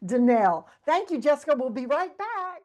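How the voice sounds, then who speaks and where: A woman's voice: high-pitched, very animated, normal speed. A woman hosting a podcast, affirming her guest in an encouraging way. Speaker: podcast host. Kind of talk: casual interview hosting.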